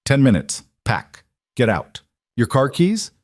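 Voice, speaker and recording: A man voicing a cold, controlled mafia boss who speaks in low, clipped commands. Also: wildly swooping pitch, slow, no room sound, studio quality. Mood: menacing.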